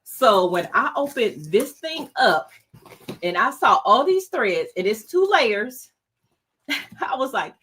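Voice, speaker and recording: Lady hosting a craft livestream, chatty and bubbly, laughs a lot, pitch jumping all over. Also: sing-song, takes it slowly, fairly bright tone, husky. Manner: bubbly, chatty, laughs often, talks straight to viewers. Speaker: crafting channel host. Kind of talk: casual livestream chat.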